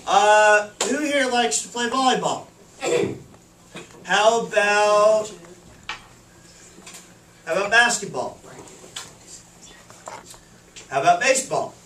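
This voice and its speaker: A man's voice: high voice, animated, slow, pauses often, bright, forceful tone. A man teaches a class, quizzing the students and repeating back what they answer. He is picked up from across the classroom, so the sound is roomy and a little distant, with faint noise behind it. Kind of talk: classroom lesson. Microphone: far camera. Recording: echoey classroom from far off.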